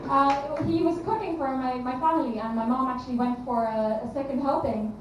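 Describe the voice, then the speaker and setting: Chatty high-voiced woman doing stand-up. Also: brisk, recorded from a distance, dull audio, background noise. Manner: chatty, self-deprecating, many ums and restarts. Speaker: stand-up comedy student. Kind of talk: stand-up comedy set. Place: comedy club stage, live audience. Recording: echoey room, mic heard from afar, crowd.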